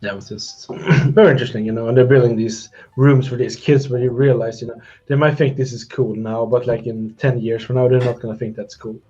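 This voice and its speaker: A man's voice: medium pitch, steady tone, fairly quick, few pauses, dark tone, slightly rough. A man from Sweden chatting casually as co-host, rambling and trailing off mid-sentence. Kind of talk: casual chat. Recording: dull lo-fi audio.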